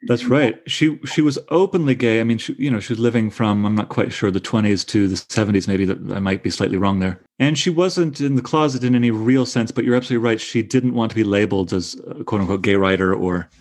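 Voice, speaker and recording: A man's voice: on the low side, fast, few pauses, a little mellow. A man in his thirties leading a casual literary discussion, enthusiastic and stumbling over restarts. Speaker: discussion leader.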